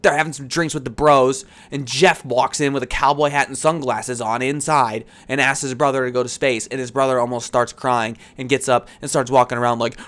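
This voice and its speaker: A man's voice: medium pitch, fairly even intonation, moderate pace, hardly any pauses, a bit bright. A man hosting a podcast, ranting with heated sarcasm and swearing. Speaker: podcast host. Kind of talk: ranting commentary.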